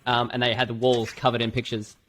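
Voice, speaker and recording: An Australian man hosting a casual podcast chat, rambling and animated with lots of fillers and swearing. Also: medium pitch, fast, slight background noise. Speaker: filmmaker and podcast host.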